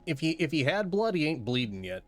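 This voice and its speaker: A man's voice: fairly high pitch, big pitch swings, brisk. Laid-back man running the game. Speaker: game master. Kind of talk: running a live tabletop game.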